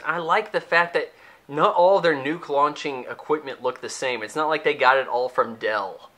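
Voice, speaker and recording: A man's voice: fairly high pitch, normal speed, pushed and bright. A young man giving a casual, sarcastic, rambling movie review, acting out the characters' lines as he goes.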